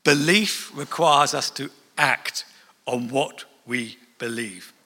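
A man preaching a sermon in a church, conversational and animated, with asides and acted-out quotes. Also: mid-range voice, slow. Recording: long reverb of a church hall.

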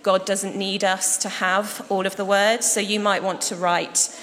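Slow-spoken woman leading worship prayer. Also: medium pitch, level tone. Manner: gentle, measured, with soft fillers. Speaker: worship leader. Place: church hall with tables and rows. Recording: echoey hall, faint noise.

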